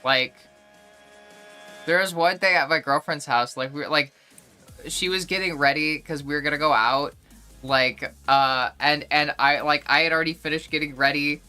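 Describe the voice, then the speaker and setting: A woman's voice: low-pitched, normal speed, bright, forceful tone, smooth, faint music behind. A young woman streaming live, chatting casually and rambling with lots of fillers and restarts.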